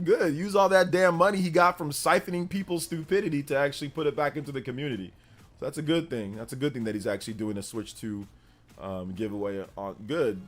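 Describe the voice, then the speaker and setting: A man in his forties hosting a gaming livestream, chatting casually in a blunt, rambling way that repeats itself. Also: medium pitch.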